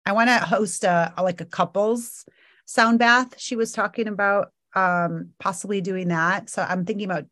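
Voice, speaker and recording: A woman on a podcast, chatting casually and recalling things in a relaxed way. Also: mid-range voice, moderate pace, dry recording, clean studio sound. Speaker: podcast co-host. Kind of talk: casual chat.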